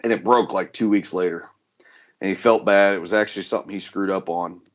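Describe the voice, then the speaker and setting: A low-voiced man talks easily and without hurry, sharing a story in casual chat. His recording sounds somewhat dull and lo-fi. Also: fairly even intonation, a little fast. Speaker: podcast co-host.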